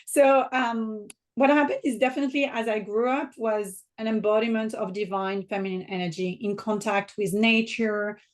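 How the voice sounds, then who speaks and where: A woman in her forties from the south of France with a French accent, answering interview questions as a podcast guest in a measured, reflective way. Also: medium pitch, steady tone.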